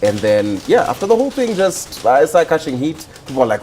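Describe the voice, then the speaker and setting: A young Kenyan man speaks as a talk show guest in a mid-range voice. He tells his story in a relaxed, meandering way. He leans on fillers as he goes. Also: mid-range voice, fairly quick, few pauses, slight background noise. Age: young adult. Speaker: guest, activist and musician. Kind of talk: casual interview storytelling.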